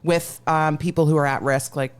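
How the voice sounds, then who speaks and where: A woman's voice: low-pitched, steady tone, normal speed, smooth. A woman co-hosting a podcast, reacting with short exclamations and reading out news headlines in casual chat. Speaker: podcast co-host.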